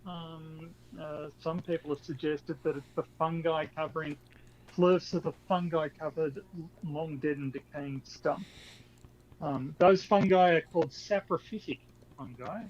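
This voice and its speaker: A man co-hosting a casual podcast chat, talking in a halting way with many fillers and restarts. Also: a little high, fairly even intonation. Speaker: podcast co-host. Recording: dull lo-fi audio with faint noise.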